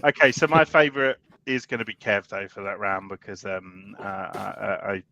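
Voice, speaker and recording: Joking host, bright voice. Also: male voice, on the low side, expressive, normal speed, dull audio, a little hiss or hum. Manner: joking, swears, many fillers. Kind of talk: casual chat on a livestream.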